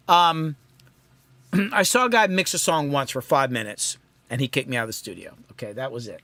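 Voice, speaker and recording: A man's voice: mid-range voice, expressive, fast talker, sharp tone, no echo. A man hosting a casual live stream from his home mixing studio, thinking aloud and rambling in a self-deprecating way, with lots of ums.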